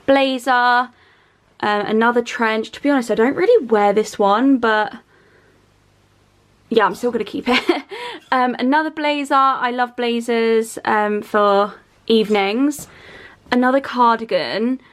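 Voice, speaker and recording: Young English woman vlogger, slightly higher voice, relaxed rambling delivery full of fillers. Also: measured pace. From England. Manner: chatty, rambling with many ums and likes. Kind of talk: casual chat to camera.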